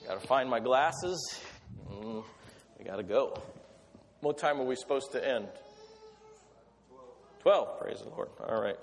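A man's voice: medium pitch, a little hiss or hum. A man preaching a sermon, telling Bible stories in a conversational way and acting out the voices of the characters. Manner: storytelling with acted voices, conversational. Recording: long reverb of a hall.

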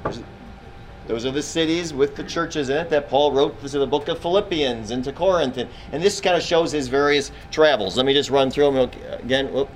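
A man's voice: mid-range voice, brisk, poor audio. A man leads an informal Bible class in a classroom, in a mid-range voice. He talks in a loose, conversational way, throws questions out to the students and often backs up to restart a sentence. Faint noise sits under the recording.

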